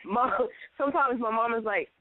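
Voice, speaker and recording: Animated woman on a tinny line. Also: moderate pace, no echo. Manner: animated storyteller, acts out quotes in higher voices. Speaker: co-host. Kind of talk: casual chat. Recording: tinny phone-like line, dry.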